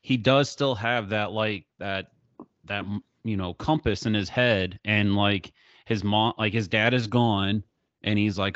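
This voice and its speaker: A man's voice: on the low side, steady tone, measured pace, fairly bright tone, dry recording, lo-fi sound. A man earnestly explaining his view in a casual discussion, with many fillers.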